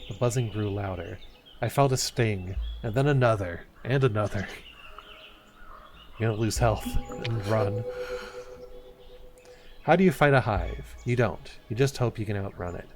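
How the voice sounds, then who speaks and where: Low-voiced man reading a story game. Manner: reads story text expressively, with stumbles and asides. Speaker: streamer. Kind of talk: reading a narrative game aloud.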